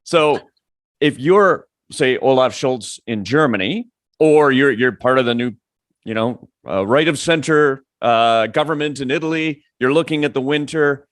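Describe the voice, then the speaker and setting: Podcast host with a dry, close sound. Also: male voice, mid-range voice, no echo. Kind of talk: conversational interview.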